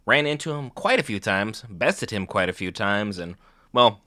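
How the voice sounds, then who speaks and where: A man hosting a reaction video, with sarcastic, joking commentary. His low voice is bright and lively, swinging up and down, and it sounds close and dry. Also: normal speed, no echo. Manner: sarcastic, jokey and animated.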